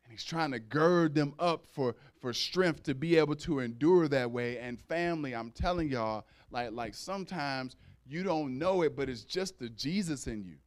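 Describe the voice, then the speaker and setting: Smooth-voiced man preaching conversationally. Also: medium pitch, normal speed, few pauses. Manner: conversational preaching with call-outs to the congregation; acts out dialogue in raised voices. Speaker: pastor. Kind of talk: sermon.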